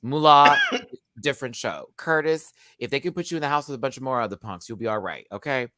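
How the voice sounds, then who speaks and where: A host doing a live review, chatting loudly with friends, laughing and slipping into impressions. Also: mid-range voice, brisk, no echo, studio quality. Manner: animated, laughing, impressions of reality-show voices. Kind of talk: loud casual chat with friends.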